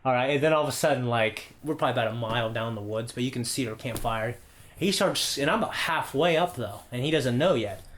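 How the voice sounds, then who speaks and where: A podcast co-host in his thirties tells a long personal anecdote at a quick pace in a medium-pitched male voice, with a little hiss or hum in the background. His casual storytelling is profane and animated, and he keeps checking in with "okay?"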